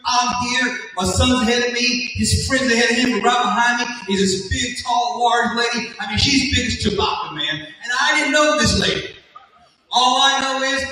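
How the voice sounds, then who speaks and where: A middle-aged man, a motivational speaker telling a comic story at a school assembly, animated and jokey as he addresses the audience. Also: very high voice. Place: large school hall. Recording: echoey hall from far off.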